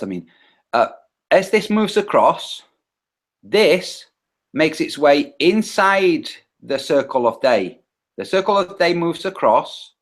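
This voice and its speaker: A man presenting on a live video call, explaining step by step and often correcting himself. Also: a little high. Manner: patient step-by-step explaining with frequent self-corrections.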